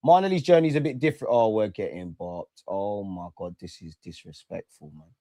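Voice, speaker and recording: A man hosting a live football watch-along, swearing a lot, muttering to himself and shouting at goals. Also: on the low side, brisk. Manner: mutters quietly to himself between outbursts.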